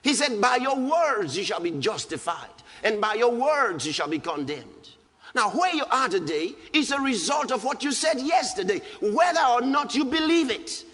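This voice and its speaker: A man with a Nigerian English accent preaching a sermon, emphatic, dropping low and calm then rising to loud outbursts. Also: moderate pace, big-room sound. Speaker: pastor.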